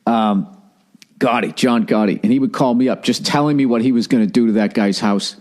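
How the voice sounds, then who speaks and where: A man's voice: medium pitch, brisk, a little mellow. A man hosting a podcast, telling a comedic story in a profane, ranting, self-mocking way. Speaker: podcast host.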